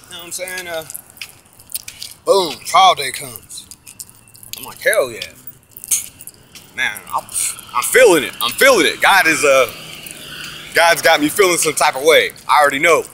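Profane, animated man telling a story. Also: a little high, measured pace, pauses often, slight background noise. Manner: animated, profane, preachy, acts out quotes. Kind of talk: casual storytelling vlog.

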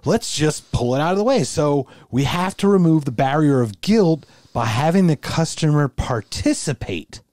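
A man's voice: a little high, expressive, moderate pace, hardly any pauses, a little mellow, no room sound, clean studio sound. A man co-hosting a podcast in casual chat, rambling with lots of restarts. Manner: rambling, restarts a lot, mimics the people he talks about. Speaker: podcast co-host.

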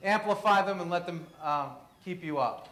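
High-voiced storytelling man from Queens. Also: normal speed. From Queens, New York. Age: 30s. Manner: animated storyteller. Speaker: presenter. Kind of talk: storytelling presentation. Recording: echoey room.

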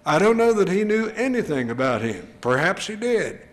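A man's voice: sits high, big pitch swings, moderate pace. An older male preacher delivering an earnest, emphatic sermon full of rhetorical questions. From United States.

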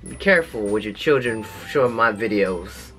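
A man reads fan mail aloud on his channel, his pitch leaping up and down as he reacts. He keeps breaking off to crack jokes between lines, and faint music plays underneath. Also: normal speed. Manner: animated, jokey asides between letters. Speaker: YouTube host.

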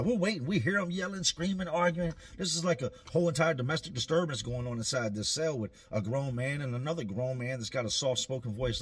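Laid-back male storyteller, husky voice, slangy and dry. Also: mid-range voice. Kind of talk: casual storytelling.

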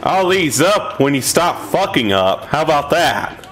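A man giving profane, exasperated commentary over a video game, dropping from low grumbles to high shouts. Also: big pitch swings, a little slow. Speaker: gameplay commentator.

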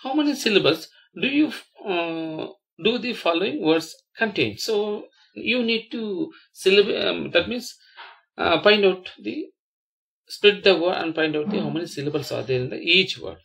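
A teacher narrating a slideshow lesson, saying each word twice and slowly drawing out its syllables, with frequent pauses and restarts. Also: mid-range voice, expressive, gravelly, a bit bright. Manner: halting, with frequent fillers and restarts. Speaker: English teacher.

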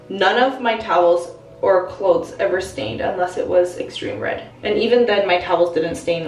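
Bubbly young woman vlogging, lively pitch. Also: recorded from a distance, a little hiss or hum. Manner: bubbly, gushing exclamations. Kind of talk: casual vlog chat. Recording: roomy, off-mic, music behind.

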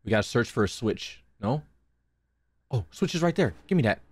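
A man's voice: medium pitch, expressive, moderate pace, breathy edge, no echo. A young man streaming a horror game, talking nervously and swearing in casual commentary. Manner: jumpy, swearing, nervous chatter to chat.

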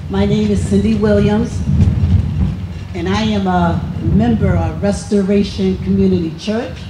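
A woman who leads a church community group, giving an impassioned speech at an outdoor rally with a slow, emphatic, repeating cadence. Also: mid-range voice, steady tone. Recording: echoey outdoor PA sound with faint traffic.

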